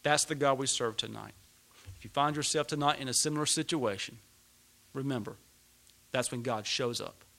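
A man's voice: medium pitch, normal speed, gravelly, long pauses, fairly bright tone. A middle-aged man preaching a sermon, telling a personal story and building to emphatic peaks.

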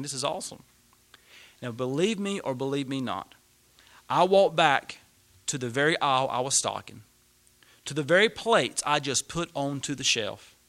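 A man's voice: medium pitch, a bit bright. A middle-aged man preaching a sermon, telling a personal story and building to emphatic peaks.

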